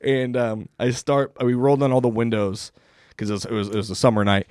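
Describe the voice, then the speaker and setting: A man's voice: medium pitch, little pitch movement, brisk, darkish tone, clean tone, dry recording, clean studio sound. A young man hosting a comedy podcast, telling a rambling, profane story in a casual way and laughing as he goes. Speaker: podcast host.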